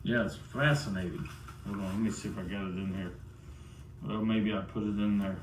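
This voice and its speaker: A man's voice: fairly low pitch, brisk, slight background noise. A middle-aged man telling a rambling personal story in a loose, chatty way, often circling back with "so anyways.". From United States. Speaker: vlogger. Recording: roomy sound, far from the mic.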